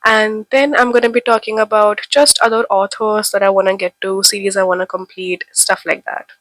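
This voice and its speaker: A woman's voice: mid-range voice, fairly even intonation, moderate pace, fairly bright tone, dry recording, low-quality recording. A young woman from India with a head cold, chatting to camera as a book vlogger in an enthusiastic, gushing way. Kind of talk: casual chat to camera.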